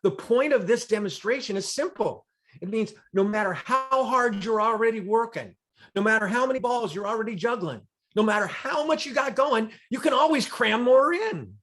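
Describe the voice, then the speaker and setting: A man's voice: extremely high pitch, animated, normal speed, a bit bright, voice pushed up. A man voicing an eager, overexcited young male student who gushes with enthusiasm. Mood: thrilled. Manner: gushing, breathless enthusiasm.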